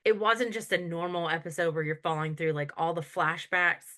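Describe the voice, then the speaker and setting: A woman co-hosting a podcast, casually recapping a sitcom episode in an animated way and laughing often as she retells scenes. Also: fairly low pitch, brisk. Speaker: podcast co-host.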